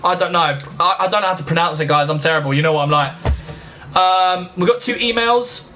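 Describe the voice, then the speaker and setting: A young male gaming host with a high, bright voice gives casual let's-play commentary. Chatty and short-fused, he talks straight to viewers like they're his mates and gets annoyed quickly.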